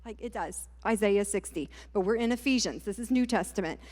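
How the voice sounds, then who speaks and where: A woman, giving a personal testimony sermon at a conference in a lively storytelling way. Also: medium pitch, brisk. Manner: lively storytelling, many "like" and "y'all". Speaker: conference speaker. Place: large church hall. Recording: hall with long reverb.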